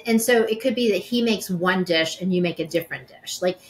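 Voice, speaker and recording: A woman's voice: fairly low pitch, brisk, a little hiss or hum. A middle-aged woman hosting a podcast, talking in an enthusiastic, chatty way with plenty of fillers. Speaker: podcast host. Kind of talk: casual chat.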